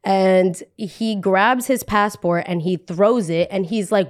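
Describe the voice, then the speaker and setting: A young woman hosts a podcast and tells a personal story in a loose, casual way. She talks in an animated, chatty manner and fills her lines with "like." Her pitch sits in the middle of the usual range for women. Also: a little slow. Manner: animated, chatty, heavy use of "like". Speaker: podcast host.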